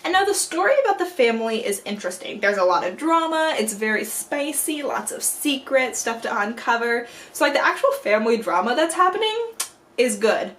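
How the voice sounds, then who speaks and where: A young woman with a slightly high voice talks through a casual book review vlog. She rambles warmly and loosely, and her pitch swings up and down with quick asides. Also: sing-song. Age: young adult. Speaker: book vlogger.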